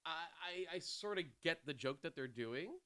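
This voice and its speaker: A man's voice: on the high side, normal speed, pushed and bright, clean tone. A man co-hosting a film podcast in casual chat, rambling and self-deprecating and often laughing. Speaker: podcast co-host.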